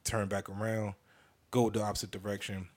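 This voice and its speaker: A man hosting a comedy podcast, telling a story in a casual, animated and profane way, often restarting sentences. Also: fairly low pitch, moderate pace.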